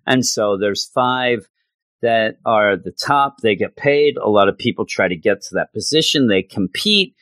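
A man gives a casual video review of a comic, sounding sarcastic and exasperated with what he reads. His speech moves up and down with a very lively pitch. The recording is dry, with no room sound. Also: measured pace, dry recording. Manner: sarcastic, exasperated, acts out characters.

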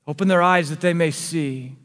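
A male pastor preaching a sermon, swinging between hushed, intimate passages and emphatic, rising declarations. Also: a little high, normal speed. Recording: long hall reverb with faint music.

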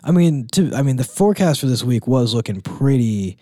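A young man co-hosting a casual college sports podcast, relaxed and rambling, full of fillers and quick laughs. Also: medium pitch, no room sound, clean studio sound. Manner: relaxed, rambling, laughs often, says "like" and "dude".

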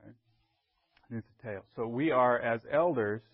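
A man's voice: mid-range voice, a little slow, narrow, tinny audio. Man teaching a Bible class. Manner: conversational, keeps checking in with the class. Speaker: church elder teaching a class.

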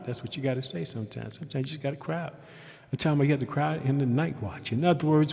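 A male preacher delivering a fervent sermon in short, repeated phrases that swell into loud pleas. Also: mid-range voice, racing, gravelly, big-room sound. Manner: fervent, rising to shouted pleas.

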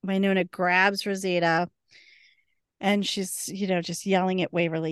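A woman's voice: fairly low pitch, little pitch movement, moderate pace, clear, resonant tone, no echo, studio quality. A woman co-hosting a podcast, eagerly retelling a TV episode in casual chat full of fillers. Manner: enthusiastic, retelling scenes with many fillers. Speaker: podcast co-host.

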